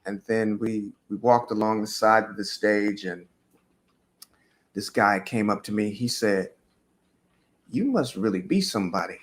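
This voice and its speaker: A man's voice: on the low side, little pitch movement, unhurried. A man, a musician guest, telling a loose, rambling story in a casual interview, with many fillers.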